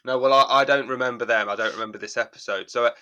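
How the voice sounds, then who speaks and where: Bright-voiced man chatting casually. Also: mid-range voice, fairly even intonation, fast. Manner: rambling, restarts, amused. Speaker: podcast co-host. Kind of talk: casual chat recapping a sitcom episode.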